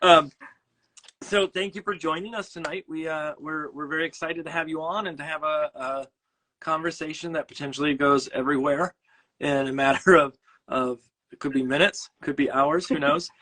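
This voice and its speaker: A man's voice: fairly high pitch, fairly even intonation, normal speed, sharp tone, poor audio. Rambling Midwestern man hosting a stream. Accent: Midwestern American. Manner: rambling, self-correcting, jokey. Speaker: host. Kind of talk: casual livestream chat.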